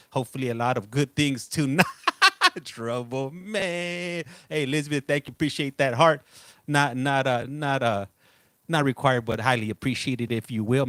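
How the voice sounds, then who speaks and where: A man's voice: mid-range voice, fairly bright tone, no room sound. A middle-aged man hosting a casual live stream, chatting loosely and greeting viewers by name. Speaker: livestream host.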